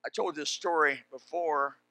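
An older man preaching a sermon, telling folksy stories and building up to shouted exhortation. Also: fairly high pitch, normal speed, no echo.

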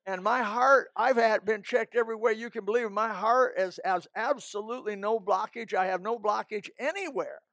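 A man's voice: sits high, normal speed, creaky, hardly any pauses, fairly bright tone, no room sound, studio quality. An older man preaching a folksy, emphatic sermon, breaking into snatches of hymns.

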